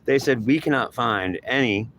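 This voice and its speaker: A man's voice: medium pitch, moderate pace, a bit bright. A man talking in a rambling monologue, repeating himself and acting out imagined back-and-forth dialogue.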